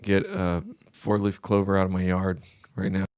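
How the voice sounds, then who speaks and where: A man with a cold co-hosting a live trading stream, laid-back and hoarse, often clearing his throat. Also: low-pitched, level tone, moderate pace. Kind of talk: casual live-stream chat.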